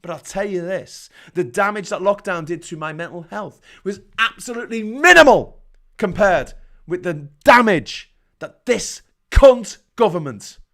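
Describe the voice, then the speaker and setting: A middle-aged British man with a high-sitting voice rants about politics and swears heavily. He keeps breaking into sarcastic mocking voices as he hosts his show. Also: sharp tone. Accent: British English. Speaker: host of a livestream rant show. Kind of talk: angry political rant.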